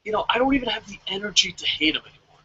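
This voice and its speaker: Profane, ranting man with a bright tone. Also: sits high, expressive, racing, breathy edge, dull audio. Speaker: podcast co-host. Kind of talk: casual wrestling podcast chat.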